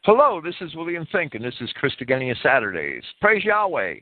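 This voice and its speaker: A man's voice: fairly high pitch, wildly swooping pitch, brisk, no echo. A man hosting a live talk-radio show from a private home, earnestly reading definitions aloud and expounding on them. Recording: tinny phone-line audio.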